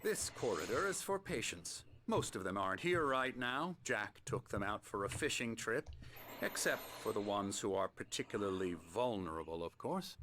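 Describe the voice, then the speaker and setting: A smooth, patronizing psychiatrist. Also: male voice, medium pitch, sharp tone, a little hiss or hum. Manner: soothing, measured, condescending. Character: calm, patronizing middle-aged male psychiatrist.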